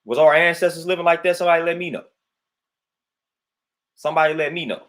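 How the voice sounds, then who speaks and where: Male livestream host on a repetitive, emphatic rant, peppered with "man" and shout-outs to chat. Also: fairly high pitch, steady tone, quick pace. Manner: greets viewers in chat between points.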